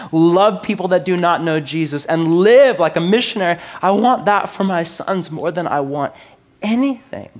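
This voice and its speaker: A man in his thirties preaches a sermon in a chatty, joking way. He keeps asking his listeners questions, and his voice sits a bit on the high side. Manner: conversational, joking, asks the crowd often. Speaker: pastor.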